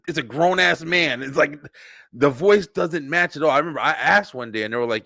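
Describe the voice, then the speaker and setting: A man hosting a webshow, talking in a rambling, profane, animated livestream monologue with lots of fillers and repeats. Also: on the high side, brisk, vocal fry, no room sound, studio quality. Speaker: webshow host.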